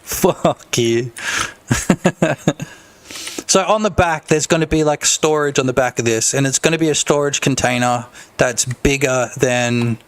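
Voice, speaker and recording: A man streaming while he develops a game, chatting casually and excitably, swearing and rambling. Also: medium pitch, a little slow, clear, resonant tone. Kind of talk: casual livestream chat.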